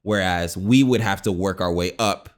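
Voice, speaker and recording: An American man with a very low voice, co-hosting a comedy podcast. He rambles through loose theories, restarting his sentences. His talk stays casual and easygoing. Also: moderate pace. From United States. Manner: rambling, theorizing, laughs often. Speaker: podcast co-host.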